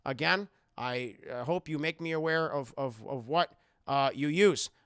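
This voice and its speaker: A man voicing a menacing, controlling older male captor, speaking slowly and deliberately in a falsely calm way. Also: on the high side, clear, resonant tone, dry recording, studio quality, voice pushed down. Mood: ominous calm.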